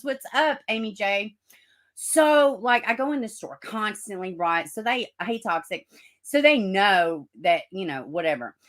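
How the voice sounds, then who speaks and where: A woman's voice: on the high side, fairly bright tone. Middle-aged woman chatting on her livestream, swears a lot, laughs at herself, voice jumps all over. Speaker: livestream host. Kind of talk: casual livestream chat.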